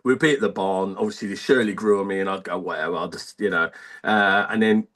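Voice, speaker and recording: A man, an army veteran telling stories in a casual radio interview, halting and rambling with many fillers. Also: on the low side, fairly bright tone.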